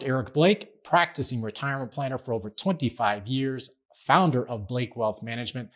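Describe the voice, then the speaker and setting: Chatty middle-aged man hosting a podcast. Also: mid-range voice. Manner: chatty, self-deprecating storyteller. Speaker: podcast host. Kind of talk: casual podcast chat.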